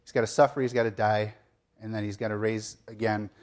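A man's voice: on the low side, little pitch movement, a little fast, a little mellow. A man preaching a sermon as a pastor, retelling a story in a conversational way with asides and light humor.

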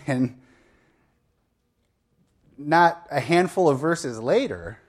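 Male pastor, sermon delivery, conversational storyteller, average pitch, light humor.

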